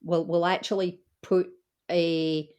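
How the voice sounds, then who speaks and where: Wry woman, lowish voice. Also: little pitch movement, darkish tone, clean tone. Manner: dry, wry, quick to agree. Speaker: podcast host. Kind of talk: casual chat.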